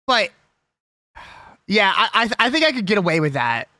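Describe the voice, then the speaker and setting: Streamer, casual live chat, jokey and combative, animated delivery, dry sound. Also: mid-range voice, normal speed, no room sound. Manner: ranting, swearing, argumentative; rambling, jokey.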